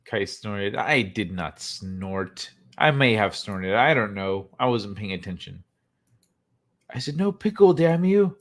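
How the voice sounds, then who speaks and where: A man's voice: fairly low pitch, takes it slowly, pushed and bright. A man hosting a casual livestream, reacting to clips in a laid-back way, laughing often and swearing freely. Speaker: livestream host.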